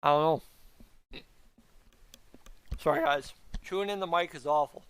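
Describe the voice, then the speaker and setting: A man's voice: on the high side, unhurried, fairly bright tone, smooth. Chatty man live-streaming hockey. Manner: chatty, talks to chat, does play-by-play. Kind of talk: casual live-stream commentary. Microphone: close mic.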